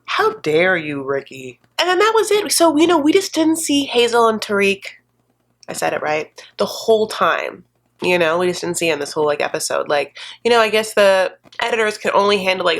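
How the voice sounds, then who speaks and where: A woman's voice: fairly low pitch, lively intonation, a little fast, fairly bright tone. A woman doing a casual, sassy recap of a reality show to camera, laughing often and calling her viewers honey. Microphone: desk condenser mic.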